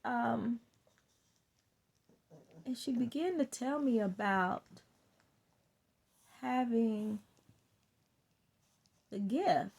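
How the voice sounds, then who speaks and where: Slow, gravelly-voiced woman telling a story. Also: fairly high pitch, mellow. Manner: chatty, laughs while telling, acts out quotes. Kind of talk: personal storytelling to camera.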